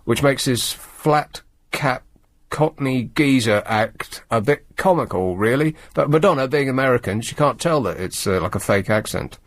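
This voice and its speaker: A man hosting a late-night radio show, riffing on the day's news with dry sarcasm and a rambling, filler-strewn delivery. His voice sits at an ordinary middle pitch, recorded close and dry in the studio with no room sound. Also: animated, normal speed, no echo. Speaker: radio host.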